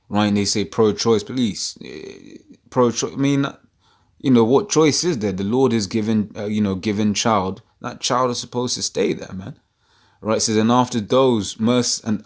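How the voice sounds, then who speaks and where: A man with a fairly low voice talks through scripture verses in a loose, conversational preaching style. He reads passages aloud, then explains them with plenty of fillers and keeps checking in with "right?". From United Kingdom. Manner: quotes scripture, many fillers and "right?" tags. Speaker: online preacher. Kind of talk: casual scripture commentary video.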